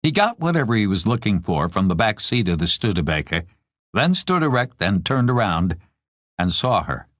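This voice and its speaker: A man narrating a war novel audiobook in measured, expressive storytelling. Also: fairly low pitch, no echo, clean studio sound. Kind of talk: scripted narration.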